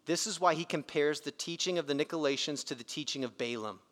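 A pastor with a fairly high, slightly bright voice preaches quickly in a reverberant hall. His sermon is emphatic yet conversational, with volume surging and dropping sharply.

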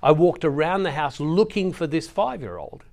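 Emphatic middle-aged male preacher, fairly high voice. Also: animated, vocal fry, a little mellow. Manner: storytelling, emphatic, with slow dramatic pauses. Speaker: Catholic preacher. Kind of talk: scripture reading and sermon.

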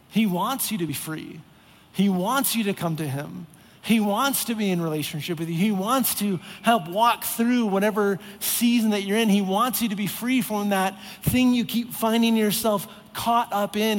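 A man preaching a sermon, earnest, with heavy repetition for emphasis. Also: sits high. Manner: earnest, repetitive emphasis, acts out exasperated voices. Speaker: pastor. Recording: long reverb of a large hall.

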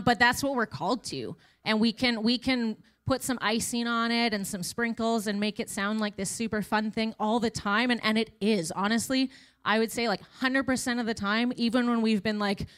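A woman's voice: on the high side, steady tone, moderate pace, a bit bright, smooth. A woman in her thirties giving a casual, chatty testimony at church, with self-deprecating asides. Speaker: church speaker sharing testimony.

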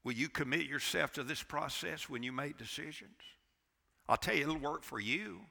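A man in his sixties preaching with fervor from the pulpit. His voice is bright and forceful with a gravelly edge, and swings from loud to hushed. Long church reverb trails every word. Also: a little high, normal speed. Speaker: pastor. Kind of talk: sermon. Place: church sanctuary.

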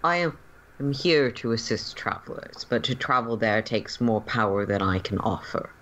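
A man voicing a solemn ancient fae gatekeeper in a tabletop role-play, speaking in slow, formal pronouncements. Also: medium pitch, animated, fairly bright tone, natural voice. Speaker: game master. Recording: muffled lo-fi recording.

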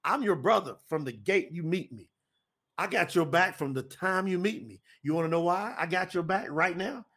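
Preacher, man in his 50s, high-pitched and lively, folksy, repeats himself for emphasis. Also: moderate pace. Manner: animated, folksy, repetitive. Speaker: preacher and co-host. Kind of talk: preaching talk to an audience.

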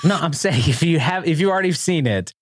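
An energetic man hosting a studio podcast, chatting casually and joking with his co-host. His voice rises and falls with lively swings. The sound is dry and close, with no room echo. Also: fairly high pitch, brisk. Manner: upbeat, animated, jokey.

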